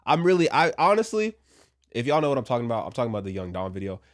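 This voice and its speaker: A commentary vlogger offers casual talk from a Christian point of view, chatty and full of joking asides. He is a little sick. His mid-range voice swings widely in pitch, and he speaks very fast.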